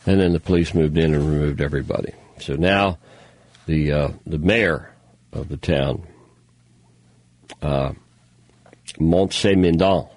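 A man's voice: extremely low pitch, measured pace, long pauses, darkish tone. A man hosting a talk show, rambling through news stories with sarcastic, mocking asides. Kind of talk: casual news commentary monologue.

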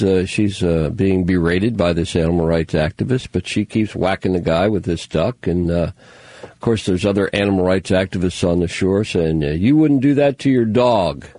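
A man's voice: low voice, normal speed, a little mellow, no echo. A man hosting a talk show, rambling through news stories with sarcastic, mocking asides. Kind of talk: casual news commentary monologue.

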